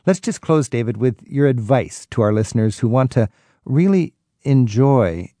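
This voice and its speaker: A man's voice: medium pitch, animated, moderate pace, mellow, dry recording. A male host interviewing a guest, asking curious questions and laughing along. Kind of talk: radio interview.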